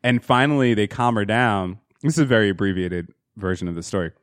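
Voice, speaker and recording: Low-voiced man telling a profane story. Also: fairly quick, clear, resonant tone, no room sound, clean studio sound. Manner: profane, rambling, with many fillers and restarts. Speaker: podcast host. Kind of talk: casual storytelling.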